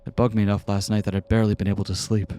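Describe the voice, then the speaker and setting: A man's voice: on the low side, little pitch movement, very fast, mellow. A man hosting a let's-play, reading a visual novel aloud in a casual way with joking asides.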